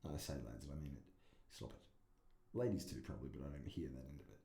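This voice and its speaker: A man's voice: a bass voice, expressive, racing, vocal fry, mellow. Rambling, profane man podcasting. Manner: rambling, profane, self-deprecating. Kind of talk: casual solo podcast monologue. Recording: echoey room.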